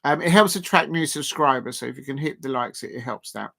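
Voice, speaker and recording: A man's voice: medium pitch, fairly quick, creaky, bright, forceful tone. A man hosting a casual live stream, reading out viewer comments and rambling with lots of fillers and restarts.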